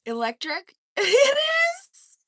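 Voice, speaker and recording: A woman chatting live from her home with a bright, sharp edge to her voice. Her pitch swings widely as she swears freely, laughs and roasts her viewers in a loose, rowdy way. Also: huge pitch swings, very slow, no echo, studio quality. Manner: profane, loud, laughs often, teasing. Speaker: livestream host. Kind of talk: casual livestream chat.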